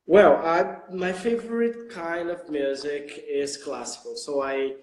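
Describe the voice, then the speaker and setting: A man speaks English with a Brazilian accent in a relaxed livestream conversation, often breaking off and restarting his sentences. His voice sits a little high for a man. The room around him is echoey. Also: a crowd in the background. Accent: Brazilian Portuguese. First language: Portuguese. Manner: halting, restarts mid-sentence. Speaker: English teacher.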